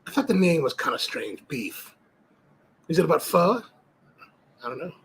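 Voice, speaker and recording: A middle-aged man hosts a casual live stream, talking loosely and circling back on himself as he tells a story. His voice is gravelly and a little husky, and his pitch sits on the high side with lots of rise and fall. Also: big pitch swings, normal speed. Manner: rambling, storytelling, frequent restarts and fillers. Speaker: cigar livestream host. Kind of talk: casual live-stream chat reading viewer comments.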